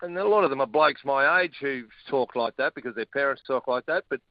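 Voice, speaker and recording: A middle-aged man chats about sport as a radio guest, blunt and quick to get excited. His voice sits at a middling pitch and comes through a dry, slightly dull remote line. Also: no room sound. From Australia. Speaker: radio guest, former rugby player. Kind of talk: casual sports chat.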